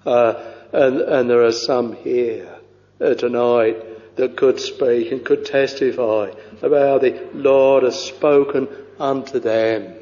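Slow, halting preacher in echoing hall. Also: male voice, mid-range voice, fairly even intonation, dark tone. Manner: slow, halting delivery with frequent uh and you know. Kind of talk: sermon with scripture reading. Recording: dull lo-fi recording with long hall reverb.

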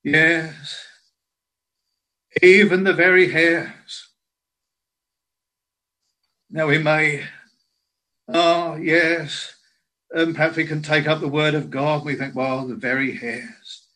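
A man preaching a sermon in a slow, earnest way, quoting scripture in old biblical language. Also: on the high side, little pitch movement, sharp tone, poor audio.

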